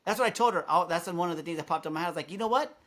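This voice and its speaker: Animated swearing man telling a story. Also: a little high, rapid-fire. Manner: animated, swears freely, acts out quoted lines. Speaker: podcast guest. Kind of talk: casual storytelling.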